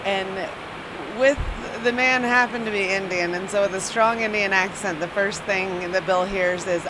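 A woman's voice: mid-range voice, steady tone, moderate pace, background noise. A woman and flight attendant telling a rambling anecdote, correcting herself and laughing. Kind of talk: casual anecdote.

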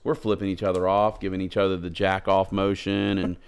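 A low-voiced man co-hosting a casual podcast. He rambles through crude stories in a loose, unpolished way and is quick to laugh. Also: flat delivery, gravelly, clean tone. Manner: crude, rambling joke-teller. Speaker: podcast co-host. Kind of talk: casual chat.

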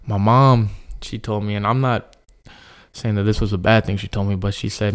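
A man's voice: lowish voice, fairly even intonation, normal speed, clean tone. A young man hosting his own podcast, talking earnestly and reflectively in a loose, rambling monologue full of fillers. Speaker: podcast host.

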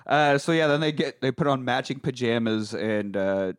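Lively, laughing male podcast host. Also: medium pitch, moderate pace, smooth, no room sound, studio quality. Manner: animated, quotes lines in put-on voices, laughs often. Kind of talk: casual chat recapping a film.

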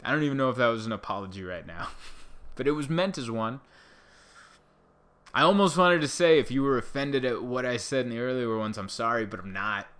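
A man's voice: medium pitch, fast, a bit bright. A man who works as a stand-up comedian, talking to camera in a casual, sarcastic, rambling monologue.

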